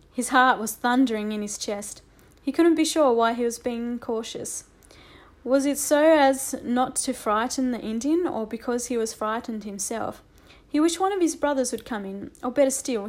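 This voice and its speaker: A woman narrating a children's audiobook with a lively, expressive reading. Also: a little high.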